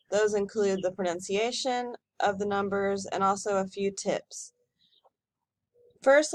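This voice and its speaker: A woman teacher giving a recorded lesson, modelling each number slowly and clearly for students to repeat. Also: mid-range voice, dry recording. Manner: slow, careful model pronunciation for repeating. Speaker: Spanish teacher.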